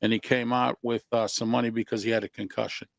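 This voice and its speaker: A man, a guest on a talk show, chatting casually about wrestling in a halting way with many fillers. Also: mid-range voice, level tone, creaky, dry recording, clean studio sound.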